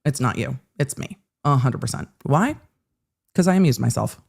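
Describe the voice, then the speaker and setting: A woman's voice: extremely low pitch, animated, moderate pace, gravelly, noisy background. A woman hosting a live legal commentary stream, chatty and joking, making asides to herself.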